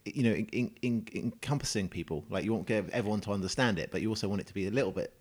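Deep, fast-talking man. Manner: quick, nerdy, playful, fond of puns. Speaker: podcast co-host. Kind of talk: casual chat.

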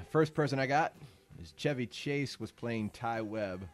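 Male podcast co-host, animated pitch, brash and profane, quick laugh. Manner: loud, profane, laughs often. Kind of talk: casual comedy podcast banter.

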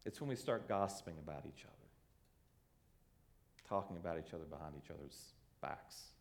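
A man preaching a sermon, animated and conversational, acting out the voices in his examples. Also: extremely low pitch, normal speed, creaky. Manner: animated, acts out quoted voices. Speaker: pastor.

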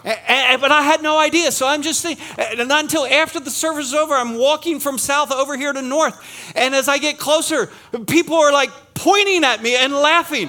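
A middle-aged man preaches in a church with a bright, fairly high voice. He is from Pennsylvania and keeps the sermon chatty, teasing himself and joking with the congregation. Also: brisk. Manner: chatty, self-deprecating, jokes with the congregation. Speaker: pastor. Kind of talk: sermon with humorous asides. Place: church sanctuary.

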